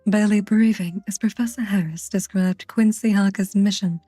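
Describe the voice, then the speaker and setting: A woman hosting a stream, reading a book aloud in a soft ASMR manner with playful teasing asides. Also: medium pitch, fairly even intonation, moderate pace, slightly rough, no echo, faint music behind.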